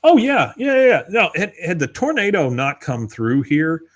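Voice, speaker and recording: A man's voice: a little high, very animated, normal speed. Laid-back man recapping a cartoon. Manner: laid-back storyteller, acts out quoted lines. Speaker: podcast co-host. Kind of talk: casual chat recapping an episode.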